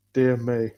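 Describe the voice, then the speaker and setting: A man's voice: mid-range voice, clear, resonant tone, highs cut off. A man from North Wales with a North Welsh accent, chatting casually on a livestream, blunt and rambling, swearing freely. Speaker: livestream host reading chat.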